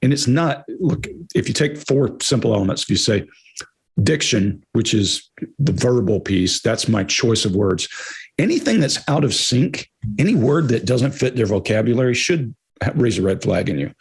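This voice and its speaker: A man co-hosting a live Q&A, talking fast and explaining things, with a hoarse voice. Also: mid-range voice, lively intonation. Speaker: co-host answering viewer questions. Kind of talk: live Q&A talk.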